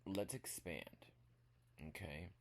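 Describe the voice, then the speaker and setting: A man giving a casual spoken language lesson, walking through examples step by step in a relaxed way. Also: low-pitched, slow, creaky. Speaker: language teacher.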